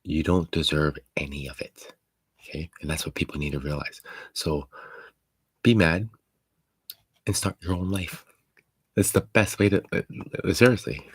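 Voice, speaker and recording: A man's voice: low-pitched, breathy edge, dry recording. A man hosting a live chat, talking bluntly and profanely to hurt viewers, rambling with many restarts like a confiding friend. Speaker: livestream host.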